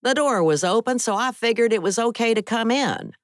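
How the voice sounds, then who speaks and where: A woman's voice: on the high side, animated, fairly quick, no room sound, clean studio sound, pitched above the performer's own voice, close to an everyday voice. A woman voicing a menacing gray-haired older man who is a pushy stranger making veiled threats, in an audiobook. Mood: probing.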